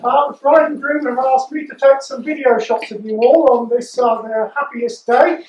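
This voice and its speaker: A man's voice: extremely high pitch, steady tone, normal speed, darkish tone, echoey room, far from the mic, slight background noise, poor audio. An amateur actor playing a fussy wedding videographer who hesitates and stumbles over his words. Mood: hesitant. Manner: hesitant, full of ums. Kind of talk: amateur stage acting.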